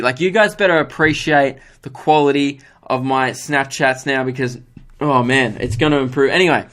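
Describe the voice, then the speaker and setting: A man's voice: medium pitch, normal speed, fairly bright tone. A man, a comedian hosting his own podcast, telling a funny story in an exasperated, ranting, self-mocking way.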